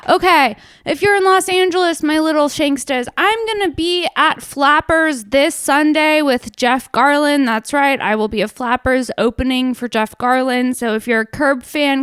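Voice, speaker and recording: A brash young woman comedian hosting her own show, talking in a playful, profane monologue. Her voice sits fairly high and comes through smooth and clear on a dry, close mic. She drops into hushed asides and then bursts out loud. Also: no room sound.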